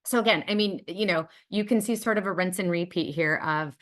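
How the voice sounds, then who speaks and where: A woman with a slightly low voice presents a webinar in a loose, conversational way. She sounds enthusiastic and heartfelt, and her sentences are full of ums and likes. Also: fairly quick, a bit bright. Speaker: webinar presenter from a dog charity program.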